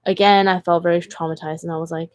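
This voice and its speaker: A woman's voice: on the low side, little pitch movement, fast, darkish tone, dry recording. A woman vlogger telling personal stories in a casual, earnest way, with lots of "like" fillers. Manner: chatty, heavy use of "like" fillers; earnest and candid. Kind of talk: casual storytelling vlog.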